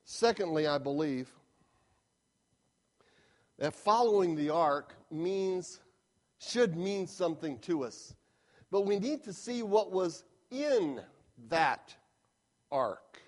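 Man, pastor, sermon, fairly high voice, emphatic repetition, middle-aged. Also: animated, slow, long pauses, darkish tone.

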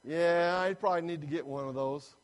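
Animated storytelling pastor, man. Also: a little high, fairly quick, a little hiss or hum. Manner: animated storyteller, acting out voices of people in his story. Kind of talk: sermon storytelling.

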